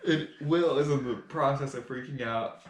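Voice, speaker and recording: A man co-hosting a casual podcast, telling a story in an animated way and laughing as he talks. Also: medium pitch, moderate pace. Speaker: podcast co-host. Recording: echoey room with faint noise.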